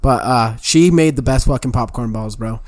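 A man's voice: medium pitch, normal speed. Young man telling profane stories. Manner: loose, profane storytelling with "bro" and "dude". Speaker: podcast co-host. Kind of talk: casual chat.

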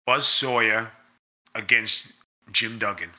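A man's voice: fairly low pitch, takes it slowly, sharp tone. A man being interviewed, talking in a blunt, emphatic way and swearing freely. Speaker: interview guest, former pro wrestler. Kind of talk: casual interview storytelling.

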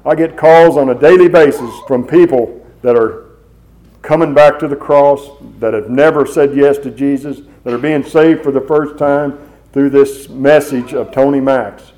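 An earnest male preacher delivers a sermon, driving points home by repeating them. His voice is warm and mellow. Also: mid-range voice, steady tone, normal speed, rough recording. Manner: earnest, repeating phrases for emphasis. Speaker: chaplain preacher.

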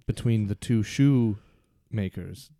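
A man narrating an improvised comedy story on a podcast, in an animated storytelling manner. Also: fairly low pitch, slow pace, dry recording, clean studio sound.

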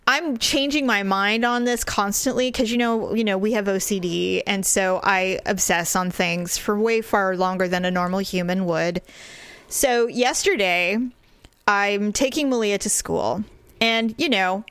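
A woman in her forties telling a story in casual, animated chat as a podcast co-host. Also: medium pitch, smooth, dry recording. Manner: chatty, animated, quick asides.

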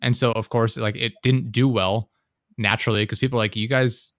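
A man's voice: mid-range voice, fairly even intonation, brisk, a bit bright, dry recording, studio quality. A young man co-hosting a podcast, telling work stories in a loose, ranting way, swearing often and laughing as he talks. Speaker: podcast co-host. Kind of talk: casual chat.

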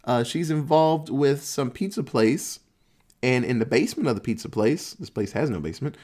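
Animated man recapping a movie. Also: medium pitch, moderate pace. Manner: animated storytelling, acts out quotes, swears, laughs.

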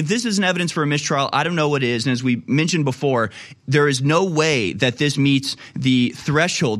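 A man's voice: on the high side, a bit bright. A man hosting a political talk radio show, quoting articles and rebutting them with indignant emphasis. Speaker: radio host.

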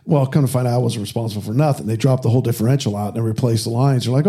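Male host, loose and profane storyteller, warm low timbre. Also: very fast, hardly any pauses. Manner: profane storyteller who acts out quoted exchanges. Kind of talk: casual car chat.

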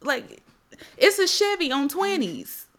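Animated woman telling a story on a podcast. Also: high voice, slow pace. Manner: animated storyteller, acts out her own reactions, swears. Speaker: podcast co-host. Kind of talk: casual storytelling chat.

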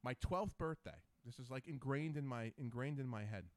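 A man hosting a podcast, telling stories in casual chat with an animated manner. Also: mid-range voice, moderate pace, no echo. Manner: animated storyteller. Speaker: podcast host.

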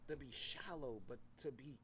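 A man's voice: medium pitch, normal speed, sharp tone, a little hiss or hum. A young man guest on a podcast, telling a personal story in a casual, slangy and heavily profane way. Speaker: podcast guest, fashion entrepreneur.

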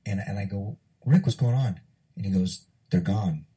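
A man's voice: normal speed, mellow, slightly rough, low-quality recording. A man in casual podcast talk, recounting a story with feeling and acting out what others said. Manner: emotional, acts out quotes with shifting pitch. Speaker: former wrestler recounting a story.

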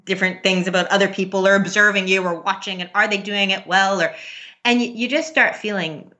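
A woman in her thirties in casual conversation about parenting, earnest and quick to laugh, with many restarts. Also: mid-range voice, fairly even intonation, sharp tone. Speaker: parent guest. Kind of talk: casual podcast chat.

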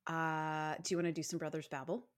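A chatty woman co-hosts a casual podcast, her voice sitting a little low for a woman. She talks loosely and laughs often, trading banter with a friend. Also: level tone, fairly quick. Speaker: podcast co-host. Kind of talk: casual true-crime podcast chat.

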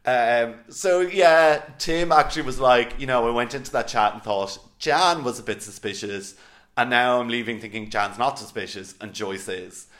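A man co-hosting a podcast, chatting in an animated, casual way and swearing now and then. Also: mid-range voice, normal speed. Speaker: podcast co-host. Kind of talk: casual chat recapping a reality show.

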